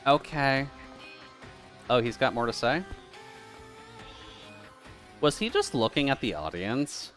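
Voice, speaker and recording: A man's voice: medium pitch, slow pace, long pauses, faint music behind. A man streaming a game live, reading its dialogue aloud and joking with chat in a casual, profane way. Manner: animated, joking, swears casually.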